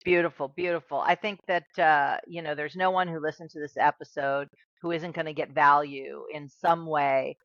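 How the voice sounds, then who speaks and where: A woman's voice: low voice, fairly even intonation, normal speed, fairly bright tone, no echo, muffled recording. Enthusiastic woman podcast host, dry sound. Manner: enthusiastic, affirming, laughs readily. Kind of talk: casual interview chat.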